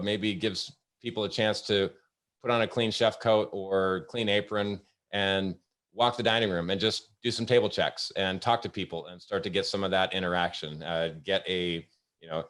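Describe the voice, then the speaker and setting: A middle-aged man hosting a webinar, telling work anecdotes in a halting way with frequent fillers. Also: low-pitched, a bit bright. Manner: storytelling, halting with many fillers. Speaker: host. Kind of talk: casual webinar talk with anecdotes.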